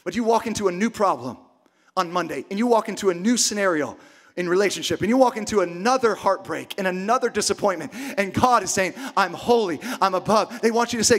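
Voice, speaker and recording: A male pastor delivers a sermon in a notably high voice. He preaches emphatically, repeating key words, climbing to shouts and then sinking to a hush. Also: brisk. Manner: emphatic preaching with repetition, swings from loud shouts to hushed near-whispers.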